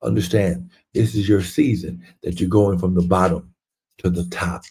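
A man preaches over a livestream, fervent and repetitive, pushing his lines up into loud exclamations. His voice sits low and mellow, with a husky edge. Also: steady tone, moderate pace. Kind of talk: livestreamed sermon.

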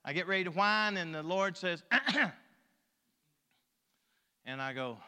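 An older man, preaching a folksy, joking sermon that swings between loud and soft. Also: sits high, expressive, slow pace, clear, resonant tone, long reverb tail.

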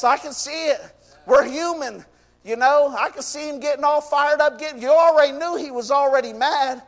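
High-voiced fervent man preaching. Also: moderate pace. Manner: fervent, repeats "you know what" and "I tell you". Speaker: pastor. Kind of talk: sermon. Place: church. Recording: long reverb of a church hall.

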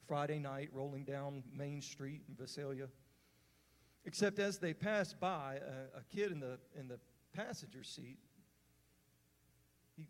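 A man giving a sermon as a story, in an earnest, conversational way with fillers and restarts. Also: fairly high pitch. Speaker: preacher. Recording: long hall reverb.

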